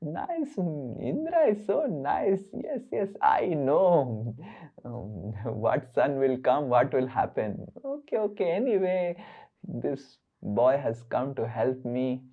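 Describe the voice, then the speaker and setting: A man's voice: medium pitch, very animated, slow, narrow, tinny audio, exaggerated voice. A man voicing Diti, a fawning pregnant mother who is secretly scheming, in a mock-sweet sing-song voice.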